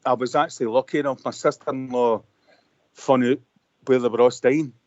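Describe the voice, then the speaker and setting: A man calling in to a radio show, telling an excited rambling story full of fillers. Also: medium pitch, brisk, dry recording. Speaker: caller. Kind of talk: phone-in call. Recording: dull lo-fi phone call.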